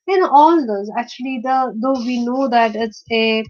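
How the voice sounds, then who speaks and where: A woman lecturing on word stress, hesitating often and slowly sounding out example words. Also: high voice, animated, a little mellow, lo-fi sound. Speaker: teacher.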